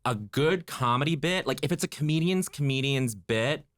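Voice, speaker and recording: A man co-hosting a podcast, animated and jokey, quick to laugh. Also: medium pitch, no echo, studio quality. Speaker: podcast co-host. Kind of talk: casual podcast chat.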